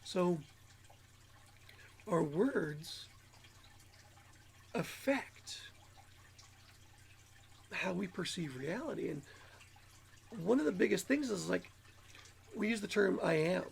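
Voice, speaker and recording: A man's voice: high-pitched, lively intonation, takes it slowly, creaky, long pauses, slight background noise. A man hosting his channel in a rambling self-help monologue, sounding a little nasal from allergies. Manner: rambling, musing, repeats words. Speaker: channel host.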